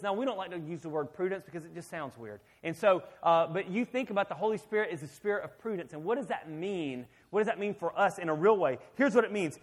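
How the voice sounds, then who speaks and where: Guy pastor preaching, chatty and lively, kinda high voice. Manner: conversational, animated, asks the audience questions. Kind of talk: sermon.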